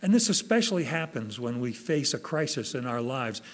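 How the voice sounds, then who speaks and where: A man's voice: mid-range voice, very animated, moderate pace. A man preaching a sermon, earnestly acting out quoted prayers with rising emotion. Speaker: pastor.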